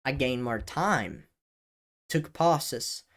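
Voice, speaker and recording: A man who makes educational videos, giving advice straight to the camera in a deliberate way, with pauses and stress on key words. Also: medium pitch, expressive, creaky, a bit bright. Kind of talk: talking-head advice vlog. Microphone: camera-facing setup.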